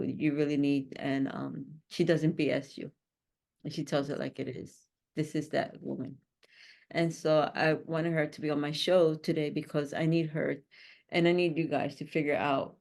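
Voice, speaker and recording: Low-pitched female host, casual and upbeat, quick to laugh. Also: a little mellow. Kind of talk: casual chat.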